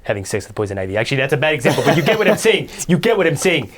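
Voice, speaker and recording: A man's voice: medium pitch, very animated, rapid-fire. A man playing a boastful, self-pitying guy who rambles indignant complaints in an improvised comedy sketch.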